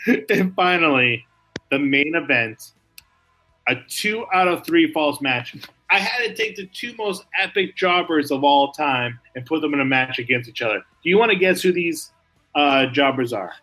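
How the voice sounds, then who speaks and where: Bright, excitable man co-hosting a podcast. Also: on the high side, soft background music. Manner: excitable, laughs often, quick asides. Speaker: podcast co-host. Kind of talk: casual podcast chat about wrestling.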